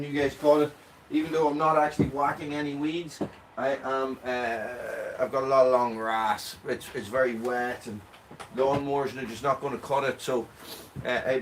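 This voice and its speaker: A man's voice: mid-range voice, a bit bright, slight background noise. An Irish man chatting casually on a live stream, greeting viewers by name from a small cabin with a wood stove. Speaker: livestream host.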